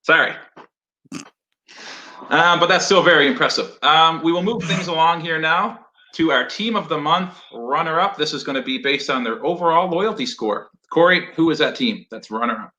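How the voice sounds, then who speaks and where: Upbeat man with a bright voice. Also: on the high side, normal speed, highs cut off. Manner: jokey, upbeat, loose with fillers. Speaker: awards co-host. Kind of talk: casual virtual award show. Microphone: video call.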